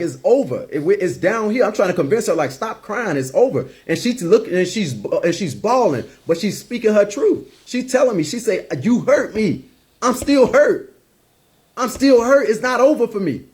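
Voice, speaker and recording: A man's voice: on the high side, a little mellow. Emphatic man preaching with heat. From United States. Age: 30s. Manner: preachy, emphatic, repeats words when heated. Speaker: podcast host. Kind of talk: impassioned commentary.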